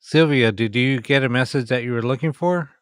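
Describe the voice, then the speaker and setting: A man's voice: mid-range voice, fairly quick, clean tone, dry recording, studio quality. A man hosting a late-night ghost box livestream, talking casually with many ums and sounding tired.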